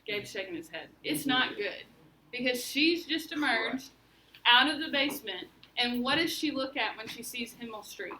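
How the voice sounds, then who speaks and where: High, bright woman teacher in a roomy classroom. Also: animated, normal speed. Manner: questioning, guiding students step by step. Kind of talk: classroom lesson. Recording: roomy, mic at a distance, faint room noise.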